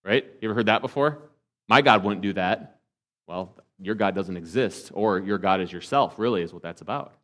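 Man preaching, swinging loud to hushed. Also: lowish voice, animated, a little fast, hardly any pauses. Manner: preaching with rhetorical questions to the congregation; swings between emphatic and hushed delivery. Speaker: pastor. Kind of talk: sermon.

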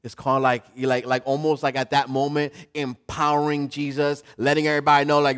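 An older man, a grandfather, preaching a sermon in a lively, conversational way that swings between soft, reflective moments and loud, emphatic stretches. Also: on the high side, a little fast, hardly any pauses. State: emotional and choked up at times. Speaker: pastor.

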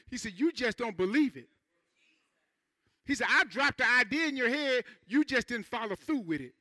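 Preacher guy with a high bright voice, folksy, gets the crowd to repeat after him. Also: no echo. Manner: call-and-response preaching, repeats phrases, swings from quiet asides to loud emphasis; folksy, says "man" and "ain't". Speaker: pastor. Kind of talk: sermon. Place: church sanctuary.

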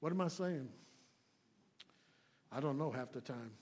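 A man gives a sermon as a guest speaker, his mid-range voice unhurried. The style is folksy and plain, moving from loud, emphatic points to quiet asides.

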